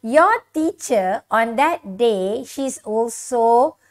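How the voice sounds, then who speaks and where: A woman's voice: a little high, animated, very slow. A female English teacher from Malaysia urges students earnestly and encouragingly in an exam-prep lesson.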